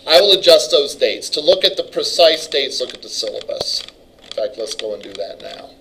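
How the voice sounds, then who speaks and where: A man's voice: mid-range voice, sing-song, normal speed, background noise. A middle-aged man teaching a college class, talking casually and rambling, often stopping and restarting his sentences. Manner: rambling, casual, self-interrupting. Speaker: college instructor. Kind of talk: classroom lecture.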